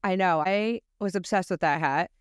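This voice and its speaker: Young American woman co-host, blunt and foul-mouthed, smooth voice, dry studio sound. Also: on the low side, normal speed, no echo. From United States. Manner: blunt, profane, self-deprecating. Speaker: podcast co-host. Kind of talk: casual chat.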